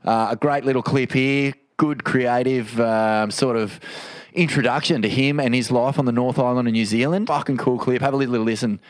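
A man's voice: mid-range voice, fairly even intonation, brisk, no room sound. A laid-back man hosts a podcast, playful and swearing freely as he chats. His voice is recorded dry and close, with almost no room sound. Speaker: podcast host. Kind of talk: casual podcast chat.

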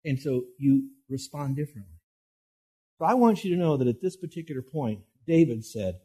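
A man's voice: medium pitch, expressive, moderate pace, mellow, husky. A middle-aged male pastor preaching a folksy, anecdote-filled sermon, often restarting his words.

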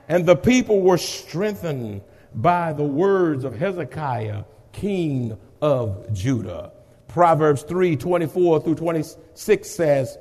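A man's voice: high voice, long reverb tail. A pastor preaching a sermon and reading scripture aloud, with dramatic call-and-response to his congregation.

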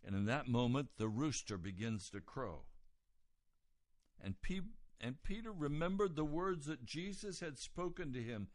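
A man preaching a sermon, retelling a scripture story and moving from quiet reading to loud, raised emphasis. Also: medium pitch, sing-song, unhurried, no room sound, studio quality.

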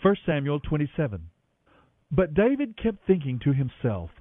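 A man with a fairly high voice reads scripture in a steady, measured way. His voice comes through a narrow, phone-like radio line that sounds dry and close. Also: no room sound. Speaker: Bible reader on radio. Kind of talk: scripture reading.

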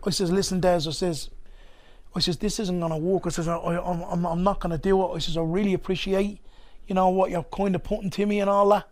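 Dublin guy, comedian on a podcast, pretty high voice, rambly casual storytelling. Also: flat delivery, fairly quick. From Ballymun, Dublin, Ireland. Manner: rambling, loose, with many asides. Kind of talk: conversational storytelling.

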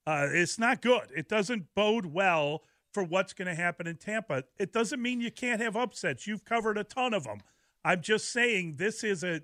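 High, bright sports radio host. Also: male voice, no room sound, studio quality. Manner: laid-back, halting, many fillers. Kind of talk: casual radio talk.

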